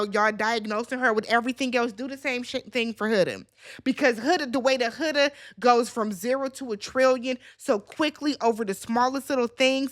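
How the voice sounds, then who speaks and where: High-voiced sassy woman recap host. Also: a bit bright. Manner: blunt, sassy and profane, talking straight to viewers. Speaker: reality show recap host. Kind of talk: casual commentary vlog.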